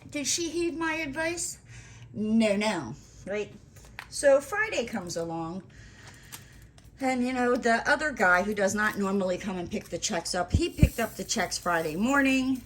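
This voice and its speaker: A woman chatting casually while she crafts, rambling through an animated story full of "like" and acted-out dialogue. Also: fairly high pitch, measured pace, slight background noise. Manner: acts out quoted dialogue. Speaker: crafting vlogger. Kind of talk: casual chat while diamond painting.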